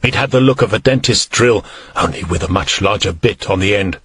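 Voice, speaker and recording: A man narrating a mystery audiobook in a steady, even reading. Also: on the low side, fairly quick, slightly rough. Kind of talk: scripted narration.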